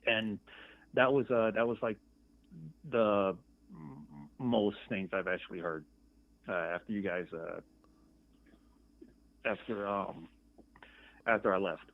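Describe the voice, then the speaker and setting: A man's voice: fairly low pitch, takes it slowly, creaky, pauses often. A man calling in to a live stream, asking questions hesitantly with many fillers. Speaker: caller. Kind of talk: call-in question. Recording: phone-line call.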